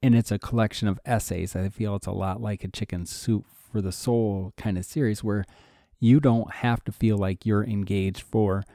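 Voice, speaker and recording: A man co-host with a low, mellow voice who speaks thoughtfully, often pausing on fillers. The recording is dry and close to the mic, with no room around him. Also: steady tone, no echo. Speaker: podcast co-host and writer. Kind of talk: casual conversation.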